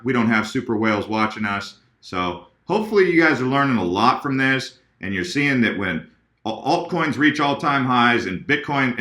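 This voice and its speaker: Male video host, casual and direct with viewers, bright tone, roomy echo. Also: on the low side. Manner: chatty, addresses viewers directly, self-corrects. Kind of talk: casual chart talk to viewers.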